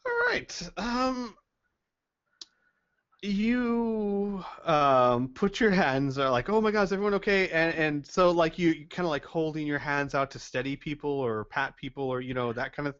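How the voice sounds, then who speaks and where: A man's voice: a little high, measured pace, a bit bright, smooth, highs cut off. A man running a tabletop game as game master, laying out scenes step by step. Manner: lays out scenes step by step, hesitant fillers.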